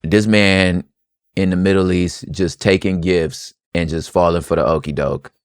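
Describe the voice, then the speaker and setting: A man hosting a podcast, giving casual, expressive commentary in a conversational way. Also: sits low, a little slow, no room sound, clean studio sound. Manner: expressive and conversational, slips into playful quoted voices. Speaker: podcast host.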